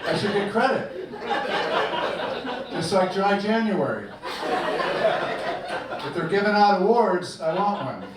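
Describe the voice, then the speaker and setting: A man's voice: high-pitched, lively intonation, takes it slowly, pauses often. An older man performing a self-deprecating stand-up comedy set on a club stage, with a dry delivery. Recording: echoey club with far mic and loud noise.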